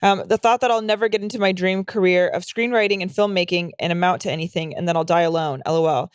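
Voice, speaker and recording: A woman's voice: on the low side, fairly even intonation, fast talker, smooth, no echo. A young adult woman co-hosting a comedy podcast, chatting casually in a rambling, profane way full of fillers. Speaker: podcast co-host.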